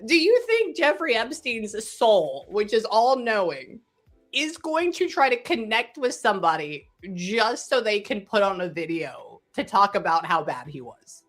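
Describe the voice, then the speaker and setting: A middle-aged woman, a psychic medium, telling stories in a casual interview, animated and quick to laugh, swinging between excited bursts and hushed asides. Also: mid-range voice, faint music behind. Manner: laughs often, swears when worked up.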